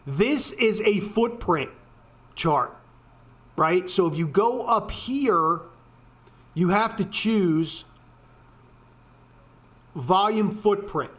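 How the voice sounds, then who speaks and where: A man's voice: high voice, lively intonation, extremely slow, pauses often, fairly bright tone. A man hosting a casual screen-share walkthrough of trading charts, talking in a profane, ranting way with lots of swearing and filler words. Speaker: trading video host.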